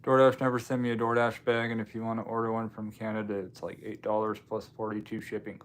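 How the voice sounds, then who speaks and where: A man's voice: on the low side, little pitch movement, fast talker, a little hiss or hum. A man hosting a casual livestream, reading viewer comments and answering in a loose, offhand way with dry asides. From Washington State, US. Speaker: livestream host.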